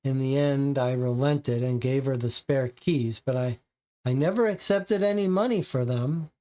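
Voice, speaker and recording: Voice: medium pitch, dark tone, natural voice. A reader voicing a nervous, frightened teenage boy witness who stammers and stumbles over his words. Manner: halting, stammering.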